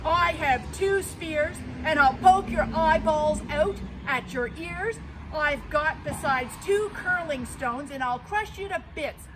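A woman voicing the big billy goat in a storybook reading, with a hoarse, ugly voice and loud threats. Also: high voice, takes it slowly, few pauses, a crowd in the background, background noise. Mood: defiant.

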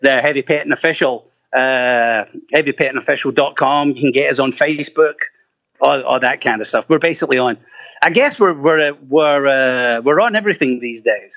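A man's voice: mid-range voice, a little fast, fairly bright tone, lo-fi sound. A man from Scotland, a rock singer as interview guest, chatting casually in a rambling, self-deprecating way with plenty of swearing.

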